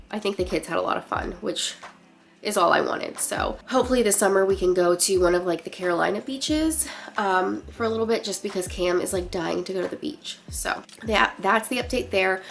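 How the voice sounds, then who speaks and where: A young woman with a stuffy, congested voice, chatting casually and quietly in a home vlog update. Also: medium pitch, creaky. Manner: chatty, lots of fillers like "like" and "um"; keeping her voice down. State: congested, nasal. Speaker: vlogger. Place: guest room at home.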